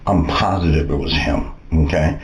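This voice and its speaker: A man's voice: very deep voice, moderate pace, a little hiss or hum, low-quality recording. A man rambling casually as he tells police about a call. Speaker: stepfather speaking to police.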